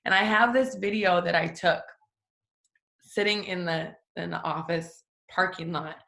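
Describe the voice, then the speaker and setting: A woman's voice: fairly low pitch, fairly even intonation, measured pace, gravelly, pushed and bright. A young woman giving a casual, emotional faith talk at home, chatty and full of fillers. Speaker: devotional host. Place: family home. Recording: roomy echo.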